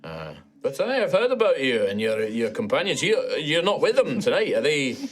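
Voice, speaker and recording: A man's voice: medium pitch, huge pitch swings, moderate pace, voice pushed up. A man doing a hearty Scottish dwarf knight. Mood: chatty. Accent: put-on Scottish. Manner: hearty, folksy, rambling with "aye" and "wee". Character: male dwarven knight, friendly patrolling guard.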